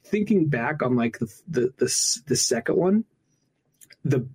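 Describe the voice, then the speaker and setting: Husky young man, casual podcast banter. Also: animated, unhurried, darkish tone. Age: young adult. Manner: swearing, laughing, jumps into high mocking voices when quoting. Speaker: podcast co-host. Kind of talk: casual chat.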